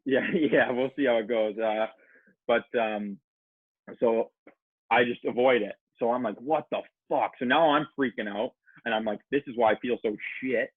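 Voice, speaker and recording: A man's voice: medium pitch, moderate pace, slightly rough, dry recording. Profane storytelling man on a tinny line. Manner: profane, rambling anecdote with acted-out quotes. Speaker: podcast guest. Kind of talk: casual storytelling chat. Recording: dry, phone-like narrow sound.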